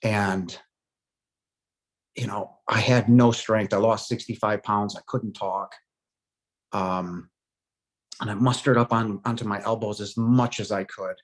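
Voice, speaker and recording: Man, forties, lowish voice, earnest personal testimony, halting speech, hushed emotional stretches. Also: fairly even intonation. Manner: earnest, halting, frequent "you know" and "um". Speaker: near-death experience survivor.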